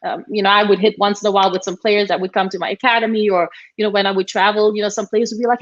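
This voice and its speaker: A former tennis player appears as a guest in a casual chat, racing along with few pauses in a medium-pitched, fairly even voice. She rambles a little, with plenty of fillers and restarts, and the audio is slightly dull and muffled.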